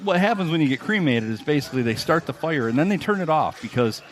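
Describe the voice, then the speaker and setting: A man's voice: fairly high pitch, lively intonation, fast. A man co-hosting a casual comedy podcast, telling wry, morbid stories in banter. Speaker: podcast co-host.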